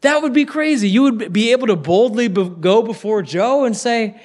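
A man's voice: high-pitched, animated, normal speed, hardly any pauses. A young man preaching a sermon in an earnest, conversational way, sometimes dropping his voice to a near-whisper.

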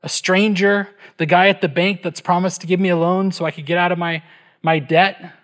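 A man's voice: high-pitched, steady tone, normal speed, fairly bright tone. A middle-aged man preaching a sermon as pastor, emphatic, asking his listeners rhetorical questions and checking in with "right?".

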